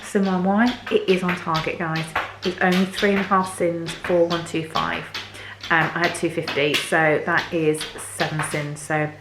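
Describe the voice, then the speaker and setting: A woman vlogging casually to camera in her home kitchen, chatty and a little hoarse. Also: level tone, moderate pace, music in the background. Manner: chatty, talks to her dogs in a high sing-song voice. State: voice a bit hoarse. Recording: echoey kitchen, faint background noise.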